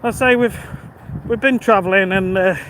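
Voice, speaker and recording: Man in his fifties, high-pitched. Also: moderate pace. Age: 50s. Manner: chatty, friendly, reads out viewer comments. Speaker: vlogger. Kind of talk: casual live-stream chat while walking. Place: outdoors by a busy road in the evening. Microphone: phone held while walking. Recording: outdoor phone recording with traffic noise.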